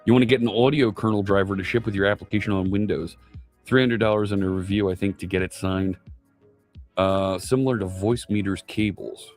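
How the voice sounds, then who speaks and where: A middle-aged man, host of a live coding stream, chatting casually and answering viewers' messages out loud, with plenty of fillers. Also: fairly low pitch, fairly even intonation, a little fast. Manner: chatty, reads chat aloud, many fillers. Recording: faint music underneath.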